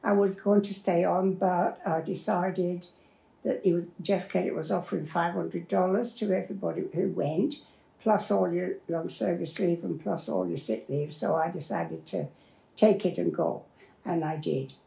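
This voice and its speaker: A woman's voice: on the low side, moderate pace, gravelly, warm tone. An older woman, telling her life story in a plain-spoken, rambling way as an interviewee. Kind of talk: personal storytelling. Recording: roomy echo.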